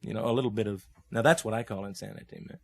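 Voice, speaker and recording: A young Oklahoma man speaks rapid-fire in a lowish voice with vocal fry and fairly even intonation. As a guest musician, he tells casual stories in relaxed hip slang, laughing often and performing the people in them.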